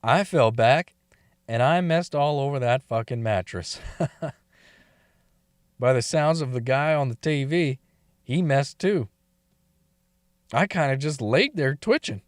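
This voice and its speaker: Profane man telling a story, slow. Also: medium pitch, animated, no room sound, clean studio sound. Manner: profane, laughs often. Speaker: story reader. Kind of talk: crude first-person storytelling.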